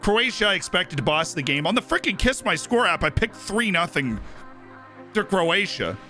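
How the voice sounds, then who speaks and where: A man's voice: sits high, big pitch swings, normal speed, sharp tone, soft background music. A man hosting a live stream, chatting casually about football and rambling with lots of "right?" and "like". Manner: rambling, tags "right?" and "like" often.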